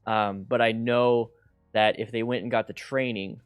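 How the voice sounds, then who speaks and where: A man's voice: fairly low pitch, fairly even intonation, normal speed, clear, resonant tone, faint music behind. A middle-aged man hosting a casual live Q&A on a headset mic at home, reading viewer questions aloud and answering with lots of repeated words and restarts. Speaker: motorcycle coach and livestream host. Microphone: headset mic with noise gate.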